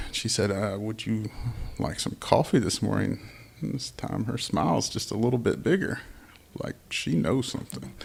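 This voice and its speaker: A gravelly, low-voiced man spins a live folk horror tale. He drops to hushed whispers for suspense and swells loud for the action beats. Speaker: storyteller. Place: live festival stage.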